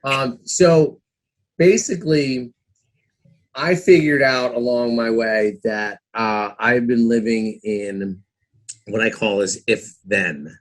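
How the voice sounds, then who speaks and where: A man's voice: medium pitch, fairly even intonation, slow. A man around fifty, a podcast guest telling his story casually, with lots of "you know"s and acted-out quotes of his own past thoughts. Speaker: guest, former trader and author.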